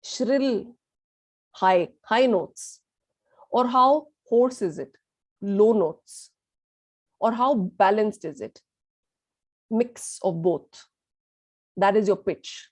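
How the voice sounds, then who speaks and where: A woman's voice: mid-range voice, takes it slowly, pauses often, husky. A woman leading a communication workshop, emphatic and repetitive, asking the class questions and slipping into Hindi phrases. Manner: emphatic, repeats words, asks the class questions. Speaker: workshop trainer.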